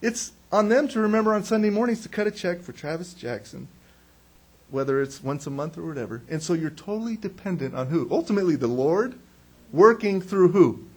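A man's voice: sits high, brisk, breathy edge. A man preaching a sermon in a conversational way, asking questions and answering them himself, and acting out quotes. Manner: animated, acts out quotes. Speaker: pastor.

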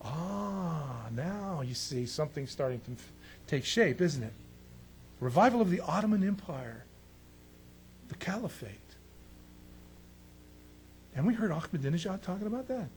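A man preaching a sermon on prophecy, animated and emphatic, with sarcastic asides. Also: sits high, a little hiss or hum.

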